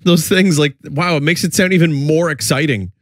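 A man's voice: on the high side, normal speed, no room sound. A man from the New York area reacts to a run of old commercials, cracking wry jokes and laughing at them. His voice sits in a middle register and the sound is dry and close. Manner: wry, mocking, laughs often. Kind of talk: casual chat with jokes.

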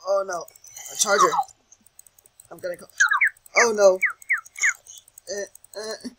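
A man's voice: sits high, fairly even intonation, slow, heavy background noise. A young man giving casual commentary over a video game, jittery and self-mocking, often chanting words over and over in a sing-song. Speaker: gaming channel host.

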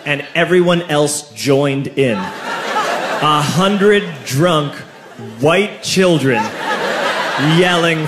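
A man doing live stand-up, telling a story with animated delivery that speeds up and shouts at the punchlines. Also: fairly high pitch, a little slow. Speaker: stand-up comedian. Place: comedy club stage before a live audience. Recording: echoey club with audience laughter and noise.

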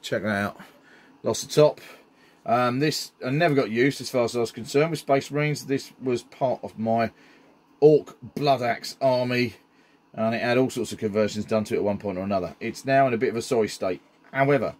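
A middle-aged man, chatting enthusiastically while showing off his hobby builds, with frequent ums. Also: medium pitch. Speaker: scenery builder. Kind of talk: casual hobby show-and-tell.

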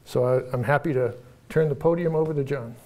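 A man hosting a lecture event, introducing the guest speaker in a relaxed way with frequent filler sounds. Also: medium pitch, brisk, noisy background. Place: lecture hall.

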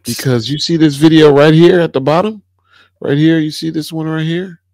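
A man's voice: on the high side, moderate pace, darkish tone, no room sound, studio quality. A man hosting a music reaction video, talking casually in slang, emphatic and often repeating himself.

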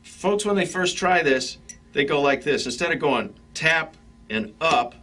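A man's voice: fairly high pitch, unhurried. Man teaching drum technique. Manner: relaxed, conversational, addresses students directly. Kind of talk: instructional demonstration. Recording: practice pad clicks and noise behind.

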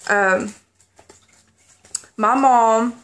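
Tearful woman telling a story haltingly. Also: fairly high pitch, fairly bright tone. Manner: halting, rambling, many pauses and restarts. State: holding back tears. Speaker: vlogger. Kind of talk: personal story to camera.

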